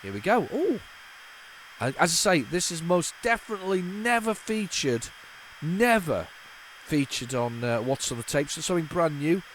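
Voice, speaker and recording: A man from the UK talks casually to his viewers while he works an old cassette player at home. His voice sits a bit higher than most men's. He rambles, repeats words, trails off and restarts, and keeps slipping into fond memories. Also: big pitch swings, normal speed, fairly bright tone, a little hiss or hum. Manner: rambling, many false starts and repeated words; chatty and nostalgic. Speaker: retro computing video host. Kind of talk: casual solo commentary.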